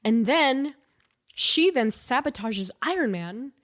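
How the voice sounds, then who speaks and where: Co-host: stuffy-nosed woman, lively storyteller, laughs a lot, casual. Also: on the high side, slow pace. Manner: animated storytelling, laughs often. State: stuffy nasal. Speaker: podcast co-host. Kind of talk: casual chat.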